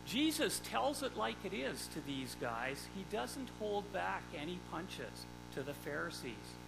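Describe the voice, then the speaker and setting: A man's voice: high-pitched, very animated, measured pace, vocal fry, noisy background. A male pastor giving a sermon, reading scripture aloud and then preaching on it with emphasis.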